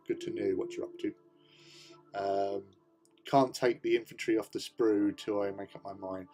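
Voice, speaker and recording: A man's voice: on the low side, dark tone. A man hosting a casual hobby livestream, chatting while he paints miniatures, joking and laughing often as he greets viewers. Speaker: livestream host.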